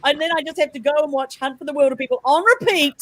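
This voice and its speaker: A woman's voice: sits high, racing. A woman from New Zealand with a New Zealand accent, co-hosting a casual podcast chat and laughing often as she tells stories. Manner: laughs often, animated storytelling. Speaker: podcast co-host.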